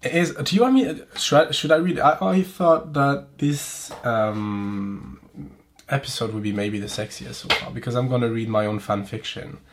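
A French-accented man hosts a podcast in loose, casual chat, his voice stuffy and nasal from pollen. He rambles, swears a lot and pokes fun at himself, sitting at an everyday middle pitch. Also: moderate pace, a little hiss or hum. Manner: profane, rambling, self-mocking. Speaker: podcast host. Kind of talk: casual chat and reading aloud.

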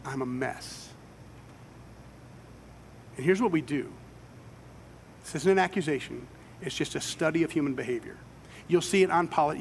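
In a church sanctuary where children are present, a male pastor delivers a sermon, acting out scripture stories in dramatic quoted voices. He speaks on the high side, with slight background noise.

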